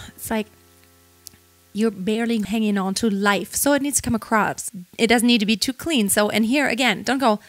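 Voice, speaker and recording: A young woman gives a singing lesson, explaining technique and singing short phrases to demonstrate. Her voice is on the high side at a moderate pace, heard over loud music.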